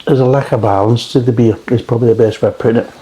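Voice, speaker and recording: A man's voice: medium pitch, fairly even intonation, very fast, dark tone. A man reviewing beer in a casual, rambling way, swearing freely and drifting off into tangents. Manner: rambling, profane, digressive.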